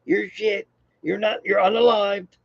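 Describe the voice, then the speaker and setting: A man doing an impression of a boastful, blustering older politician, in a higher voice than his own. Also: little pitch movement, a little slow, creaky, dull audio, exaggerated voice. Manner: bragging, taunting.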